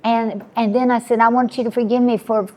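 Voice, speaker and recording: Seventies woman, panel guest, earnest storyteller, a bit high-pitched. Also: flat delivery, fairly quick, darkish tone. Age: 70s. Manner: earnest storytelling with frequent restarts. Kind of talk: personal testimony on a panel.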